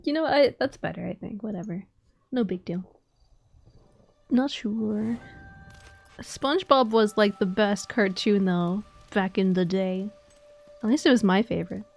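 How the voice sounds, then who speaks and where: Slow, playful woman streamer. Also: medium pitch, gravelly, faint music behind. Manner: playful, rambling, giggly. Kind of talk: casual gameplay chat.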